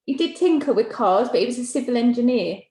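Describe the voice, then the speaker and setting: A woman's voice: a little high, lively intonation, fast, dark tone, roomy sound, a little hiss or hum. A woman answering a reading over a video call, giving brief, eager replies. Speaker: caller. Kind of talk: casual chat.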